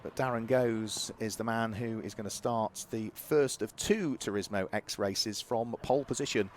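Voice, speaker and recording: A man's voice: fairly low pitch, moderate pace, slight background noise. A man commentating live on club motor racing, methodically reading out lap times and grid positions.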